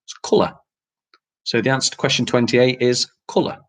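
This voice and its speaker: A man's voice: medium pitch, level tone, normal speed. A man hosting an online quiz night, reading out questions and answers in a casual, chatty way with frequent laughs. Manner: casual, chatty, laughs often, mild swearing. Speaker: quiz host.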